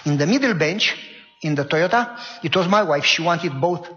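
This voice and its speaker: A man's voice: on the high side, moderate pace, a little hiss or hum. A middle-aged man preaching a sermon, telling a story and acting out the voices of the people in it. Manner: animated storytelling, acts out voices. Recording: dull, hall-like reverb.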